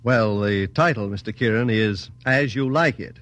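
A man reading a scripted commercial as a vintage radio announcer, smooth and persuasive. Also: on the low side, moderate pace, few pauses, fairly bright tone. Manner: smooth, persuasive, polished delivery.

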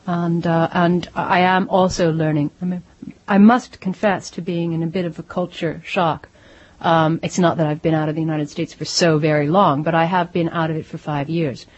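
A middle-aged woman from Pennsylvania, an author guest in a radio studio interview, talking in an animated way with frequent restarts. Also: deep voice, moderate pace, highs cut off. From Lancaster, Pennsylvania. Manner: animated, self-interrupting, laughs easily. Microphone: studio microphone.

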